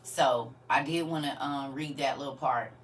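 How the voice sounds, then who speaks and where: A woman with a rumbling low voice hosts a casual livestream at normal speed, with slight background noise. She chats with viewers and often laughs as she answers their comments.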